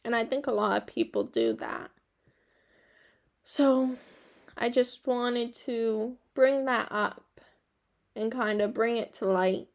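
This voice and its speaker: A woman's voice: a little high, lively intonation, slow, pauses often. A young woman hosting a podcast, chatting casually in a rambling, reflective way and laughing at herself now and then. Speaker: podcast host.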